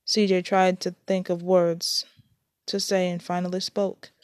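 A woman reads her story aloud in a plain, unhurried way, now and then stumbling and restarting a phrase. Her voice is fairly low. The recording is close and dry, with no room around it. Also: little pitch movement, no echo.

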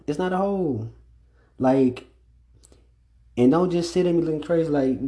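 A man's voice: fairly high pitch, moderate pace, long pauses, warm tone. Blunt, profane young man ranting. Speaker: podcast host. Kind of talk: solo casual podcast monologue.

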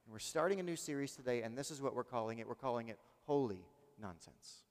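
A male pastor preaching a sermon in a lively, conversational way, asking the congregation questions. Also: mid-range voice, fast, in a large hall.

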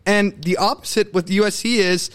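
A young man co-hosting a casual sports talk show, animated and opinionated. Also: high-pitched, normal speed, clear, resonant tone, dry recording. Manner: animated, opinionated, mimics coaches mid-rant. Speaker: sports podcast co-host.

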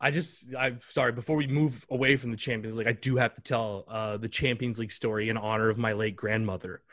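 Animated storytelling man, dry sound. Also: lowish voice, quick pace, no room sound. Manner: animated, acts out voices in his stories. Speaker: guest. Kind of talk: casual storytelling.

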